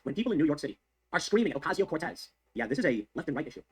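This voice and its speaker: A man's voice: fairly high pitch, very animated, very fast, slightly rough. A man delivering heated, sarcastic political commentary on the news, repeating his points for emphasis. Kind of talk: fast ranting news commentary.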